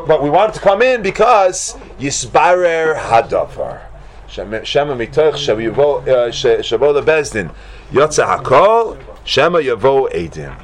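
A man teaching a Talmud class to students, asking them question after question in an animated way. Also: a little high. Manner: animated, questioning, mixes Hebrew and Aramaic terms.

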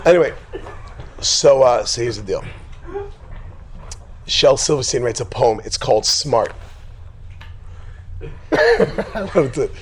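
A man of middle pitch gives an informal talk to a class. He jokes, laughs and drifts off on tangents before pressing a point home with emphatic, preacher-like rises. A faint noise sits in the background. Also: big pitch swings. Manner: joking, digressive, quick to laugh. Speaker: teacher leading a class. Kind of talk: informal religious talk to a group.

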